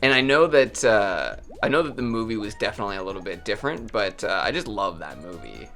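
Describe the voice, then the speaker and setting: A man co-hosting a let's play, rambling in an animated way and laughing often. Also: on the low side, fast talker. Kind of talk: casual gaming chat. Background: faint game music.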